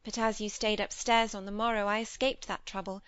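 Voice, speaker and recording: A woman's voice: medium pitch, little pitch movement, fairly quick, a bit bright, smooth, dry recording, dull audio, close to an everyday voice. A woman voicing an earnest, headstrong young girl in an audiobook, speaking in a pleading, confiding way. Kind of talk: audiobook character reading.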